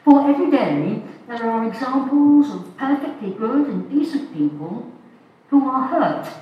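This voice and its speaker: Older lady preaching a sermon, slow and thoughtful, lively up-and-down voice, big echoey church from far off. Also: fairly high pitch, muffled recording, a little hiss or hum. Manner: slow, measured, thoughtful delivery. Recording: echoey church heard from a distance.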